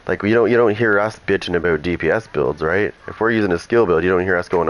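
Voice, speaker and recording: A man's voice: low voice, fast, rough recording. A man who runs a gaming channel, chatting casually and rambling through asides while he plays. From Canada. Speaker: gaming streamer. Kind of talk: casual chat over gameplay.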